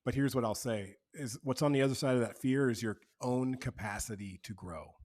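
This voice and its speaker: A man who is a podcast guest, speaking earnestly in relaxed, slangy casual conversation. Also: medium pitch, a little fast. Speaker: podcast guest, men's community co-founder.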